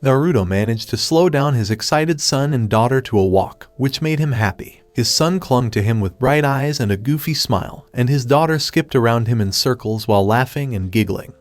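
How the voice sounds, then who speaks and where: A man narrating a fan fiction story in an even, steady reading voice. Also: mid-range voice, normal speed, few pauses. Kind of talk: fan fiction read aloud.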